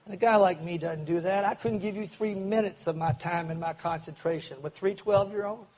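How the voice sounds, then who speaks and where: An older Kentucky man tells his recovery story to a meeting audience, his voice high-pitched and a little mellow over poor audio. He speaks earnestly, acts out the voices he quotes, and his pace speeds up and slows down.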